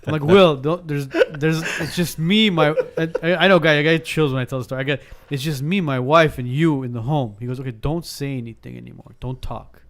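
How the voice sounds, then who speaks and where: A man's voice: medium pitch, a little fast, few pauses. A man in his thirties telling a ghost story in a casual podcast chat, acting out the dialogue and often restarting his sentences. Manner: animated, acts out dialogue, frequent restarts.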